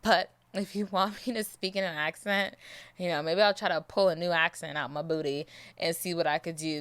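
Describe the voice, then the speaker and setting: A woman's voice: lowish voice, normal speed, clean tone, no room sound. A woman hosting her own podcast, rambling through a casual outro with a chatty, self-mocking manner. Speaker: podcast host.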